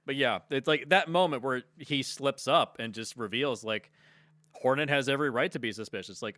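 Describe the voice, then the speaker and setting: A man's voice: medium pitch, moderate pace, bright, forceful tone, dry recording. A man in casual podcast chat who talks animatedly, laughs often and swears now and then. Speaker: podcast panelist.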